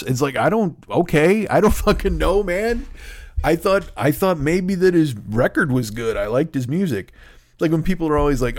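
A man's voice: a little high, normal speed, no echo, studio quality. A man in his forties ranting and telling stories on a comedy podcast, profane, sarcastic and rambling. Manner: animated storytelling. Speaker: podcast host.

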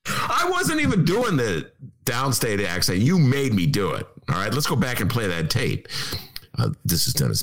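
A talk radio host jokes around casually, wisecracking and acting out quoted people in mocking put-on voices. His voice is medium in pitch but swoops wildly, with a fairly bright tone and a moderate pace.

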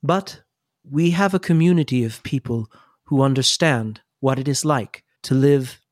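A calm woman community leader, played by a man, speaking in a reassuring, unhurried way. The sound is dry and close. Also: medium pitch, no echo, close to an everyday voice.

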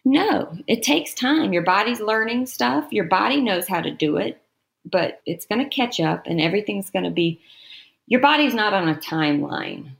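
A woman's voice: medium pitch, lively intonation, moderate pace, gravelly. A woman guest on a podcast, chatting in a friendly, encouraging way. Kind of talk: casual chat.

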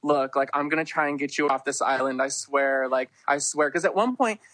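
A man's voice: mid-range voice, brisk, fairly bright tone, dry recording. A man guest on a podcast, telling a long story in a rambling way, full of fillers and acted-out quotes. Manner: rambling, heavy use of "like", acts out quotes. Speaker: podcast guest, festival attendee. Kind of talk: casual storytelling.

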